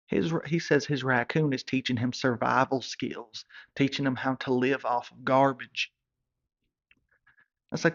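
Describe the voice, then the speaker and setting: A man's voice: medium pitch, fairly even intonation, a little slow, vocal fry. A man, telling a rambling comic story in character with stumbling repeats. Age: 30s. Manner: hillbilly drawl, stumbling repeats. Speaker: comedy character narrator. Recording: dull lo-fi recording.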